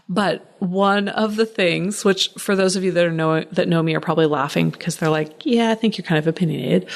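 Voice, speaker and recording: A woman hosting a solo podcast, talking in an animated way, ranting at times and laughing often. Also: fairly low pitch. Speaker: podcast host.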